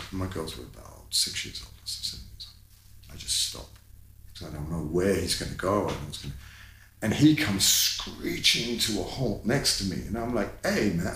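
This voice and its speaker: A man, a guest telling a personal story in conversation, animated and candid, his voice climbing in the tense parts, with fillers and swearing. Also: fairly low pitch, roomy sound, rough recording. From London, England.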